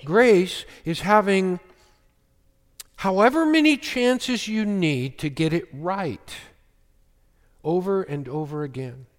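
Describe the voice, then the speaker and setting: A man preaching a sermon as pastor, slow and emphatic, often quoting scripture. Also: sits high, lively intonation, in a large hall.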